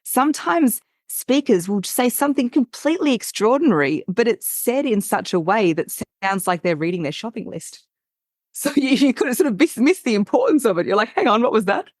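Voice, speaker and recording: A woman, a voice coach, chatting as a podcast guest in an expressive, teacherly way. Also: on the high side, fairly quick, dry recording, clean studio sound. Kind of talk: casual podcast chat.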